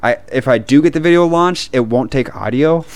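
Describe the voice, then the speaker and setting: Fast-talking ranting man. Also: medium pitch, no echo. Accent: Midwestern American. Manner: animated, profane ranting with frequent laughs. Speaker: podcast co-host. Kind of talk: casual storytelling chat.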